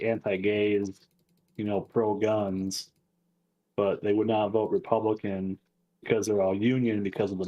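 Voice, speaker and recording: A man from Minnesota chatting casually in a plainspoken way, quick to laugh. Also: on the low side, dark tone, highs cut off. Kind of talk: casual chat.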